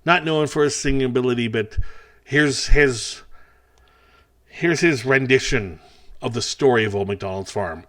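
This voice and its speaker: A man's voice: medium pitch, moderate pace, long pauses, a bit bright. Wry, rambling middle-aged comedian man. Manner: rambling, self-deprecating, wry. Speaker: stand-up comedian. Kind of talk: stand-up set for a virtual festival.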